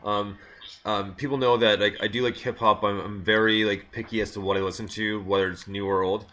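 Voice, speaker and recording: Lowish-voiced guy hosting a radio music show, rambly, laughs a lot, starts over a bunch. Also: level tone, a little fast, a bit bright. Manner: rambling, laughing storyteller with many restarts. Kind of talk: casual chat.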